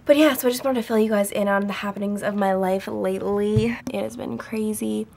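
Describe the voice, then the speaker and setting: A woman's voice: mid-range voice, steady tone, fast, darkish tone. A young adult woman vlogging from her dorm bedroom, telling a story in a chatty, rambling way full of "like". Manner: chatty, rambling, heavy use of "like". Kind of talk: casual storytime chat.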